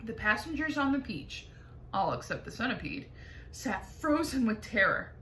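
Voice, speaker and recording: A woman teacher reading a chapter book aloud with lively storytelling. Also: fairly high pitch, moderate pace. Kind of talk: expressive read-aloud. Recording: echoey room, faint noise.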